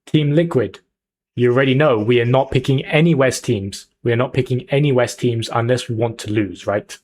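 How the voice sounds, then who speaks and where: A man's voice: mid-range voice, moderate pace, darkish tone. A young man streaming live, chatting casually and hyping up his viewers as he picks a team. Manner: chatty, hyped, talks to chat. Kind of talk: casual livestream chat.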